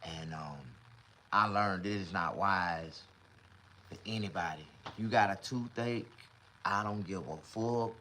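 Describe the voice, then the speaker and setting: A middle-aged man talks in an unhurried, casual way on a livestream, veering from loud fake sobbing to quiet mumbling.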